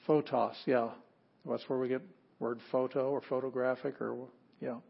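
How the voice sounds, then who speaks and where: Male teacher, lesson style, halting readouts, mid pitch, muffled lo-fi audio. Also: level tone, gravelly, husky. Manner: reads Greek word by word, halting. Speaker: Greek teacher. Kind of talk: classroom lesson.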